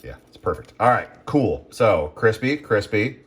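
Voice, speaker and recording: Cooking at home, a male vlogger chats casually, rambling, cutting himself off, and filling pauses with ums and uhs. His lowish voice swings widely in pitch, and he keeps a measured pace.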